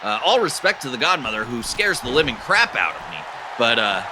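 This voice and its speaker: A man doing play-by-play commentary on an improvised comedy wrestling show, deadpan and rambling and full of "uh"s. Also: medium pitch, brisk. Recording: noisy background.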